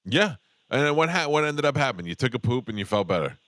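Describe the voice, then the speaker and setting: A man's voice: mid-range voice, big pitch swings, fast talker, fairly bright tone, dry recording. A male radio host teasing his guest in dry, joking banter.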